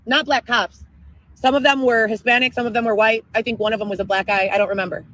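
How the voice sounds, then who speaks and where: A woman telling a long profane story in an excitable livestream rant. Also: on the high side, quick pace, dry recording, low-quality recording. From Chicago area, Illinois. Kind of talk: ranting livestream monologue.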